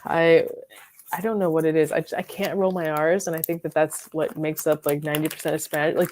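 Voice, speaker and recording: This fragrance reviewer and live stream host speaks in a lowish, slightly mellow voice. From her bedroom, she talks casually about perfumes, wandering off on tangents full of fillers and little giggles.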